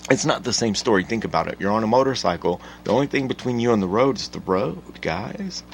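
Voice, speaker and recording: A man hosting his own podcast, talking in an animated, profane solo rant that swings from mutters to loud outbursts. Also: on the low side, a little fast, a little hiss or hum. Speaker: podcast host.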